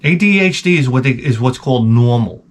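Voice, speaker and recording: A man in his forties hosts a loose, casual monologue, rambling and crude. He mocks himself freely and swings into loud, animated retellings of his own stories. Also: medium pitch, brisk. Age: 40s. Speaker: host.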